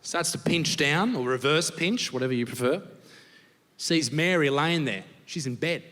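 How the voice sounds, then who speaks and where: A man's voice: a little high, expressive, moderate pace, fairly bright tone, a little hiss or hum. A young Australian man doing crude, brash stand-up comedy with a lot of swearing. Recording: live hall with long reverb.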